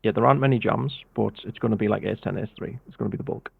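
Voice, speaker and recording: A British man coaching poker in a relaxed, step-by-step way over a video call. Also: fairly low pitch, racing, vocal fry, slightly rough, no echo. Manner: relaxed, explains step by step with filler "yeah". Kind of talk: casual coaching explanation. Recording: tinny phone-like call audio.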